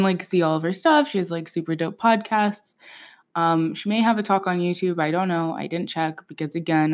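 A woman in her twenties hosting a podcast on her own, chatting casually in a playful, slangy way with plenty of fillers and laughs. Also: on the low side. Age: 20s. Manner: chatty and expressive, laughs often. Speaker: podcast host. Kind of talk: casual solo chat.

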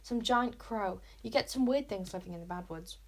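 A woman's voice: medium pitch, moderate pace, close to an everyday voice. Woman doing a smug, drawling older brother. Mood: scoffing. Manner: drawling, scoffing. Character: smug, superior older boy wizard. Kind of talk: storybook reading.

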